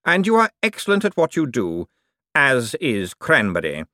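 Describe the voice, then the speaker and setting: Audiobook character: a smooth, soft-spoken rich male schemer who sounds kindly but menacing , put on by a man. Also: mid-range voice, wildly swooping pitch, moderate pace, no echo, clean studio sound, pitched above the performer's own voice.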